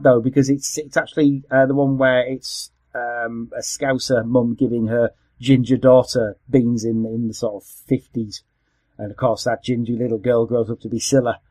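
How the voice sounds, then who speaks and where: A man hosting a podcast, chatting casually about old adverts, sardonic and prone to swearing, with quiet mumbled asides. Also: mid-range voice, no echo. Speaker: podcast host. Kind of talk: casual chat.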